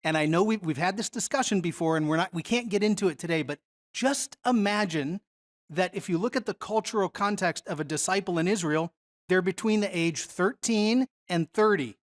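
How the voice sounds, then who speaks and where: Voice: mid-range voice, normal speed. A Bible teacher giving a conversational Bible study lesson, often putting questions to the audience.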